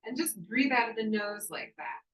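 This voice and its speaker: A woman yoga instructor guiding a breathwork class with calm, encouraging cues and slow counting. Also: a little high, roomy sound, distant mic, poor audio. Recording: voice from off the mic.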